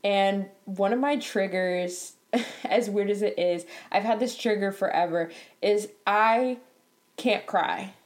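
A young woman recounting a frustrating day at work in a chatty storytime vlog. She sounds animated and exasperated, laughs often, and her voice jumps up in pitch whenever she gets worked up. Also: slow pace. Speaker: bank teller telling a work story. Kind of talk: storytime vlog, casual chat.

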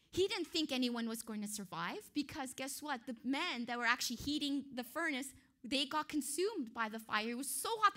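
Woman preaching, high bright voice, earnest, keeps fixing her own words. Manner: earnest and emphatic, with frequent self-corrections and light laughs. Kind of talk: sermon.

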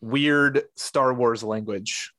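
A man's voice: mid-range voice, drawn-out words, sharp tone, dry recording. Man in dry, laughing casual chat. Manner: laughs while talking, rambling asides. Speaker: podcast co-host.

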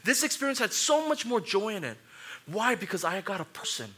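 Animated, bright-voiced male preacher. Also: high voice, normal speed, breathy edge. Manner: animated storytelling preacher, swinging from loud and lively to quiet and somber. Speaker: pastor. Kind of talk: sermon.

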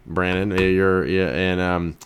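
A man's voice: low voice, flat delivery, measured pace, clear, resonant tone. A man co-hosting a movie podcast, talking with enthusiasm, lots of "uh" fillers and casual swearing. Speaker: podcast co-host.

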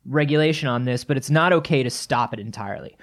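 A man's voice: medium pitch, fast talker. A man co-hosting a casual chat, joking and profane, rambling through his points.

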